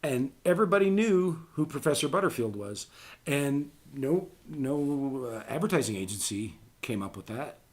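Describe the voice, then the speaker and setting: A middle-aged man in casual podcast chat. His pitch sits in the middle and he rambles, trailing off into ums and restarting his sentences. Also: lively intonation, normal speed.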